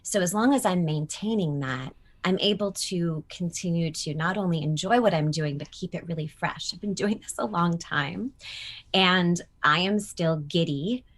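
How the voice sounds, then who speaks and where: Low-voiced chatty woman. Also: moderate pace. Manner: chatty and animated, many fillers and quoted asides. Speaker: voice actor guest. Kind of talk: casual interview chat.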